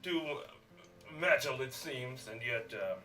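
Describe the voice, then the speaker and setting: A man playing a pompous halting cyborg. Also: mid-range voice, sharp tone, recorded from a distance. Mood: haughty.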